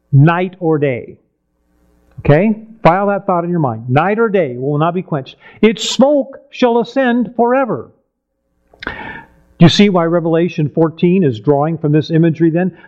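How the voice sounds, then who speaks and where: Man teaching a Bible sermon, muffled. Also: on the high side. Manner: reads scripture aloud and explains it with questions. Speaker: preacher.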